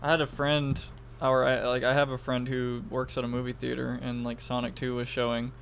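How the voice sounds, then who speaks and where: A man's voice: mid-range voice, monotone, brisk, creaky, fairly bright tone, a little hiss or hum. A young man co-hosting a podcast, chatting casually with crude slang and swearing. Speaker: podcast co-host. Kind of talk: casual chat.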